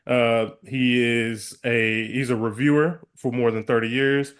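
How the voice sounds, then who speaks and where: A man's voice: mid-range voice, fairly even intonation, smooth. A man with a Tulsa, Oklahoma accent co-hosting a podcast, friendly and a bit rambling as he talks. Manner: friendly, rambling, quick to laugh. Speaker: podcast co-host. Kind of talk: casual podcast chat.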